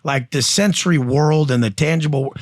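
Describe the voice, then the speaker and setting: A man's voice: fairly high pitch, fairly quick, no echo, studio quality. A man coaching and telling stories on a podcast, blunt and profane, acting out other people's voices as he goes. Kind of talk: casual podcast conversation.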